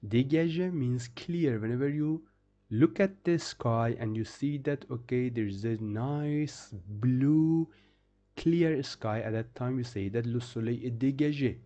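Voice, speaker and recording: A man's voice: mid-range voice, measured pace, warm tone. A man teaching a beginner vocabulary lesson, repeating each phrase and then translating it patiently. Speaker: French teacher.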